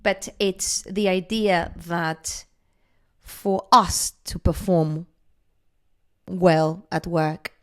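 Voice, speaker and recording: A woman guest on a podcast interview, talking in an earnest, encouraging way, often pausing with "um" as she thinks. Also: lowish voice, steady tone, a bit bright. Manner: earnest and encouraging, with frequent "um" pauses.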